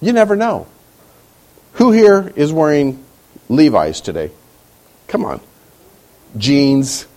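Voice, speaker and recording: Middle-aged male pastor, expressive sermon storyteller with a swooping, lively delivery. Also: on the high side, slow, long pauses. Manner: animated storytelling, acting out quoted voices.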